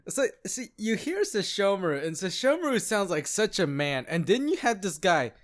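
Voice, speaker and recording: Man, casual podcast chat, lively swooping pitch, laughs a lot. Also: normal speed. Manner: animated, laughing, does mock voices. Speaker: podcast co-host. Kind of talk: casual anime recap chat.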